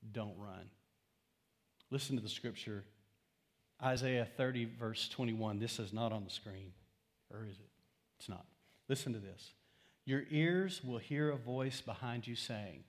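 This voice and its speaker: A pastor delivers a sermon in a church sanctuary, his voice sitting at an ordinary middle pitch for a man. He preaches in a relaxed, conversational manner, telling stories and tossing questions out to the congregation. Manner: conversational, animated storytelling with asides to the congregation.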